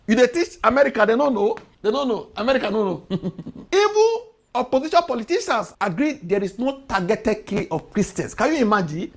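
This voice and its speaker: Nigerian woman, political commentator, fairly high voice with lively swings in pitch, argues through rhetorical questions. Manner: argumentative, rhetorical questions, switching into Pidgin.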